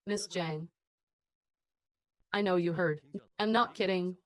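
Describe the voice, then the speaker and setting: A man's voice: sits high, slow pace. A man voicing an earnest, devoted young father in dubbed drama dialogue, speaking in a direct, sincere way. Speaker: wealthy father courting a woman.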